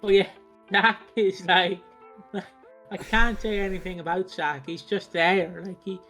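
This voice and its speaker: A man with a high voice chats casually over a video call, swearing freely and slipping into quick impressions of the people he talks about. Faint music sits behind him. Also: steady tone, sharp tone. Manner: sweary, mimics characters in bursts. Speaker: podcast co-host.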